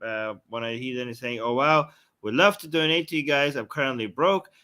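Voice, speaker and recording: A man's voice: medium pitch, moderate pace, bright, forceful tone. A man co-hosting a casual live-stream chat, teasing and insistent as he corrects someone. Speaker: co-host.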